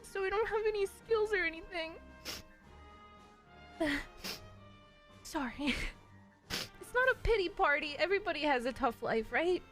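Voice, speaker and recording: A woman's voice: very high-pitched, expressive, measured pace, long pauses, fairly bright tone, faint music behind. A woman in her twenties, a streamer, talking in casual live-stream chat in an earnest, confiding way with many fillers.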